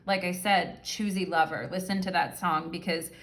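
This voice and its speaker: Speaking at normal speed in a lowish, steady and fairly bright voice, a woman leads a casual pick-a-card tarot reading. She chats affectionately and directly with her viewers, using many filler words.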